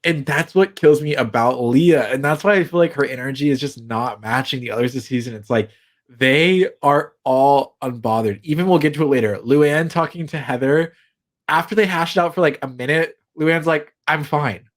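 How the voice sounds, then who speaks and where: A young man co-hosts a casual podcast about reality TV, gossipy and animated as he acts out what the cast said. He swears freely and keeps a middle-pitched, everyday voice. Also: normal speed. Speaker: podcast co-host. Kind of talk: casual chat recapping reality TV.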